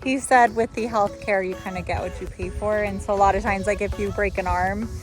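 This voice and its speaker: A woman's voice: medium pitch, fairly even intonation, brisk, soft background music. A young woman hosting a travel vlog, chatting in a bubbly way and leaning on casual filler words. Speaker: vlogger host.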